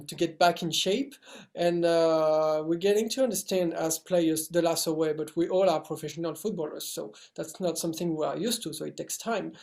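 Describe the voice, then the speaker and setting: A young man speaking English with a French accent, his voice a little raised in pitch and carrying a gravelly edge. He answers casual interview questions, pausing often and restarting his phrases. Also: darkish tone. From France. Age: young adult. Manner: hesitant, many fillers and restarts. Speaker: actor guest.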